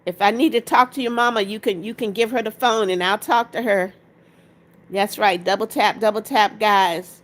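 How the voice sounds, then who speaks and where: A woman's voice: medium pitch, fairly even intonation, moderate pace, a bit bright. A woman hosting a casual livestream, greeting viewers by name, reading their comments aloud and coaxing them to tap likes. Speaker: livestream host.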